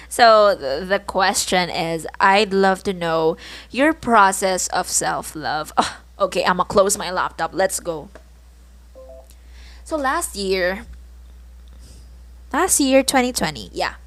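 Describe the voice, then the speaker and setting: A woman's voice: mid-range voice, expressive, takes it slowly, long pauses, fairly bright tone, no room sound. A young woman with a Filipino accent hosting a casual solo podcast, telling stories from her own life with laughs, groans and self-mocking asides. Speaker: podcast host.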